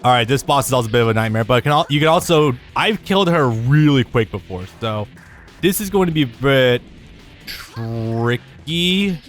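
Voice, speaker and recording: A man's voice: mid-range voice, lively intonation, moderate pace. A man hosting a live let's play, chatting casually while he plays, swearing and laughing as he goes. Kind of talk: live gameplay commentary. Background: faint game music.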